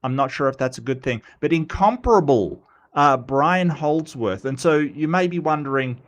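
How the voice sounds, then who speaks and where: A man hosting a casual livestream commentary, rambling and joking, his voice a little rough from a cold. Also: a little high, expressive, moderate pace. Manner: rambling, joking, repeats himself and stumbles. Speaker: host of a commentary channel.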